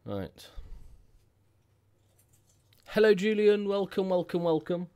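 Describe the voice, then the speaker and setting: A man's voice: sits high, lively intonation, slow pace, warm tone, clear, resonant tone. Casual male streamer at home, rambling and jokey, hums between remarks. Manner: jokey and rambling, humming filler sounds. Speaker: YouTuber hosting a live stream. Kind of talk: casual live-stream chat.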